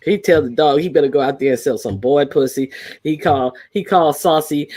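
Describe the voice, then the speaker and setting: A man's voice: on the high side, lively intonation, normal speed. A man hosting a live stream, chatting casually with viewers in a rambling way, full of fillers and restarts. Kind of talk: casual chat.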